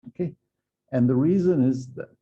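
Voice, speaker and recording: A man's voice: medium pitch, normal speed, warm tone, lo-fi sound, a little hiss or hum. A man giving a university physics lecture, explaining step by step with frequent fillers and restarts. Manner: hesitant, many fillers and restarts.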